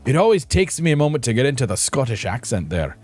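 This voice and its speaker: A man's voice: medium pitch, big pitch swings, quick pace, a little mellow, faint music behind. A man streaming a game, chatting casually with viewers in a playful, rambling, self-mocking way. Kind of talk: casual live-stream chat.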